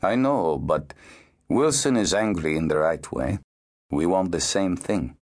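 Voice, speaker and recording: A man's voice: deep voice, animated, measured pace. A man voicing an earnest young man who answers tersely and hesitantly.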